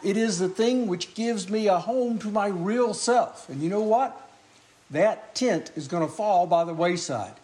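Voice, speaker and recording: A man delivers a sermon in a high voice, asking his congregation questions as he goes. He coughs now and then and keeps clearing his throat. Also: measured pace, darkish tone. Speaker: preacher.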